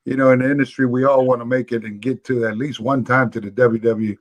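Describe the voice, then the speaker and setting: A man hosts a casual interview, mostly reacting with short remarks before asking his guest relaxed questions. His pitch sits in the middle range. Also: fast talker. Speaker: talk show host.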